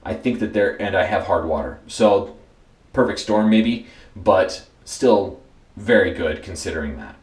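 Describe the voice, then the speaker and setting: A relaxed man talks through a product review in a low, unhurried voice. He leans on repeated words and loose fillers as he goes. The recording is roomy, with plenty of echo around him. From United States. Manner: easygoing, repeats words for emphasis, frequent fillers. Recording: roomy echoey room.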